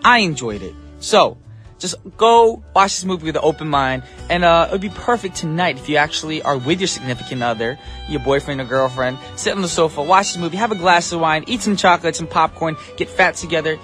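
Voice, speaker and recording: A man hosts a radio show in a casual, chatty style, joking and laughing at himself between songs. His voice is a little high and a bit bright, fairly quick, with lively intonation. He's on a studio microphone in a radio studio, with faint music behind him.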